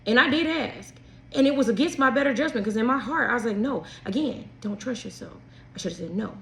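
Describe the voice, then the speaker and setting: A woman's voice: fairly high pitch, animated, a little fast, gravelly, a bit bright. A middle-aged woman hosting a talk show, speaking candidly and preachily about faith, family and marriage, sometimes dropping to a near whisper for asides. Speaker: podcast host. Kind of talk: personal faith-based talk. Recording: faint background noise.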